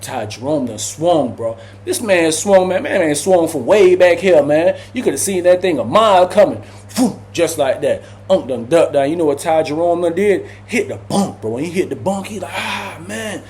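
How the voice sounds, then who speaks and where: A young man telling a prison story in casual storytime style, animated and full of slang, acting out voices and sound effects. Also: on the high side, moderate pace.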